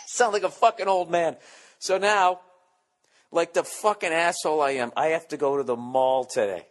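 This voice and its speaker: A man's voice: fairly high pitch, moderate pace. A middle-aged man hosting a podcast, with a Boston accent, ranting in a profane, sarcastic, comedic monologue. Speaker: podcast host.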